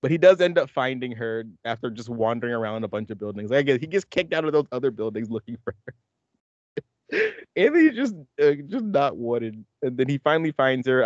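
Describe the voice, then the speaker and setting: A man's voice: mid-range voice, very animated, fairly quick, no room sound. A man hosts a casual podcast chat, rambling through his points and laughing often. His voice sits mid-range and sounds dry and close. The recording is dull and lo-fi. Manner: rambling, laughs often, acts out movie lines. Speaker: podcast host.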